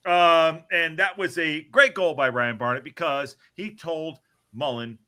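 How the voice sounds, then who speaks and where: A man hosting a podcast, calling match highlights in an excitable, joking play-by-play with some swearing. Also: measured pace. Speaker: podcast host. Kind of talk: casual match commentary.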